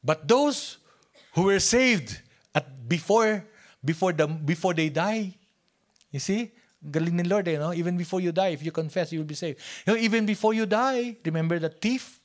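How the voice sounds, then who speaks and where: In an animated sermon at normal speed, a high-voiced male pastor with a Filipino accent goes from near-whispers to loud emphasis. Repeated and restarted phrases are frequent.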